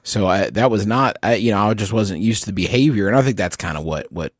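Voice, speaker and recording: Man as a nervous, rambling ranger, deep and dry, stammers a lot, in a tabletop game. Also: dry recording, lightly acted. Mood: sheepish. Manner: halting, stammering, lots of fillers.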